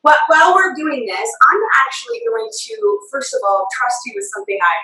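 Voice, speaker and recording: A woman's voice: high voice, sing-song, brisk, pushed and bright. A woman chef chatting through a live cooking demonstration, laughing often and explaining measurements step by step. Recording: roomy echo, far from the mic.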